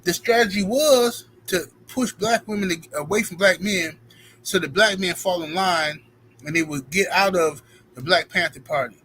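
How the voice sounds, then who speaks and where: High-voiced animated male streamer. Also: normal speed, slight background noise, low-quality recording. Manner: animated, reads out super chats and thanks donors; emphatic, playful street talk. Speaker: live stream host. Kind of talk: casual live-stream commentary.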